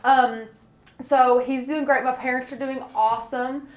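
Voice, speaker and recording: A woman's voice: high voice, steady tone, measured pace, reverberant. A young woman co-hosting a crafting live stream, bubbly and enthusiastic in casual chat.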